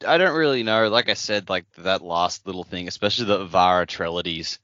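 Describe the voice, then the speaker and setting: A man's voice: low-pitched, fairly quick, a bit bright, no echo, dull audio. A man co-hosting a podcast in casual chat, thinking aloud through theories. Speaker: podcast co-host.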